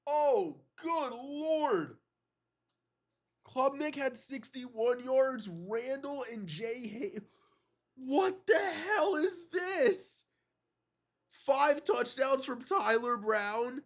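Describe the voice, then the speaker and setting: Excitable man with a cold, swearing. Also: very high voice, extremely slow. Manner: excitable, swears often, disbelieving exclamations. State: has a cold. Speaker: gaming video creator. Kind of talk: reacting to simulated season results.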